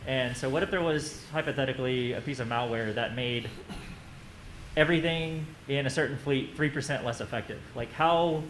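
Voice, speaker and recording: A man's voice: medium pitch, normal speed, fairly bright tone. A man in the audience posing a hypothetical question to a conference panel. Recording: echoey room with faint hiss.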